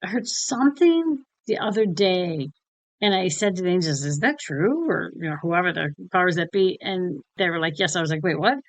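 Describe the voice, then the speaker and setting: A woman with a fairly low, expressive voice co-hosts a casual spiritual chat at a moderate pace, with no room sound. She's frank and blunt, swears freely, and acts out conversations as she retells them.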